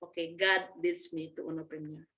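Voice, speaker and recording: A woman, giving a personal testimony as a network marketing presenter, earnest and halting with frequent restarts. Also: sits low, level tone, bright, forceful tone, low-quality recording. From Philippines.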